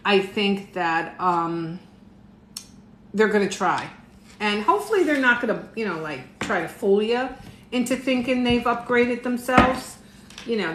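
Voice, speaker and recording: Faint noise and room echo mark this live tarot reading, held casually in a middle-aged woman's home. Her mid-range voice has a fairly bright tone, and she chats with viewers and laughs a lot.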